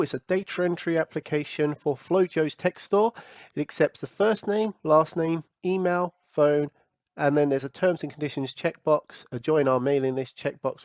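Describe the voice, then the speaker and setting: Man walking through a software tutorial. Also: fairly high pitch, no room sound. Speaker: tech tutorial host.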